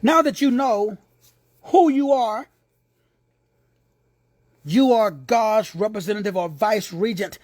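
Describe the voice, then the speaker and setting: A man with a Texan accent preaching an informal sermon, playful and slangy, who drops into hushed whispers for asides. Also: high voice, slow pace, pauses often, no echo. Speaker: preacher and teacher.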